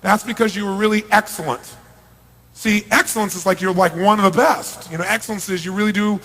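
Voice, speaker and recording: Husky man booming across a big hall. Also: steady tone, brisk. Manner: dramatic swings between booming shouts and hushed asides. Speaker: motivational speaker. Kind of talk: live motivational seminar talk. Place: large hall with a live audience.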